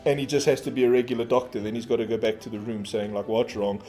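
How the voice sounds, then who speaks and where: A man's voice: mid-range voice, steady tone, very fast, warm tone, soft background music. Rambling sweary man. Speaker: podcast co-host. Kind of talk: casual chat.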